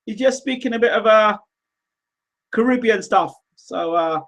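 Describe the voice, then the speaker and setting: A man hosting a casual live show, reading viewer comments aloud in an animated, teasing, rambling way. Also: high-pitched, measured pace. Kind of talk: casual livestream chat.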